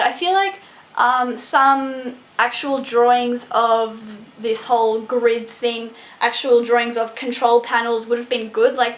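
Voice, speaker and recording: A young woman reviewing a book in a casual vlog, excitable and gushing, full of "like" and swearing. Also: a little high. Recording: echoey room.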